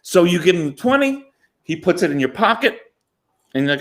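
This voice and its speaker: Man, slightly high voice, casual talk-show storytelling, chuckling, animated. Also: normal speed. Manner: animated anecdote-telling, chuckling mid-sentence. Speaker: sports show co-host.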